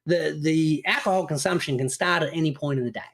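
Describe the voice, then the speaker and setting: A man, a podcast co-host and parent, telling animated stories in casual chat and swearing freely. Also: fairly high pitch, fast, vocal fry. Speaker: parent of a young child.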